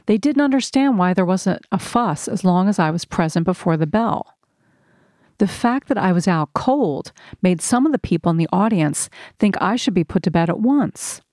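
A woman reading a first-person memoir aloud in a measured, earnest storytelling manner. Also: fairly low pitch, a little mellow, no room sound, studio quality. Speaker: narrator.

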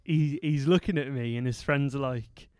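A man's voice: mid-range voice, normal speed, darkish tone, clean tone. A young man telling a self-mocking story in casual chat among friends. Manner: rambling, self-mocking, laughs at his own story. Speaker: podcast guest.

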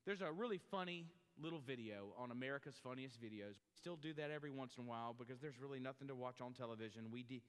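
A man's voice: medium pitch, quick pace, few pauses, clean tone. A man preaching a sermon as a pastor, explaining word meanings and turning to his congregation with asides. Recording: long hall reverb.

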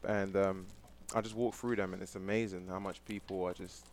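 A man's voice: deep voice, little pitch movement, a little fast, a little hiss or hum. A young man from London with a London accent, chatting casually as an interview guest, laid-back and laughing often. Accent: London English. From London, England. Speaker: football player guest.

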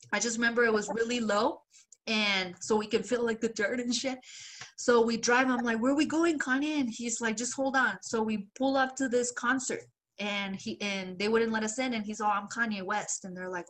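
A woman co-host telling a rambling story on a podcast in a slightly high voice. She acts out the quoted lines with lively jumps and swears casually between them. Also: moderate pace. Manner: animated retelling, acts out quoted voices, laughs often; loose swearing and filler.

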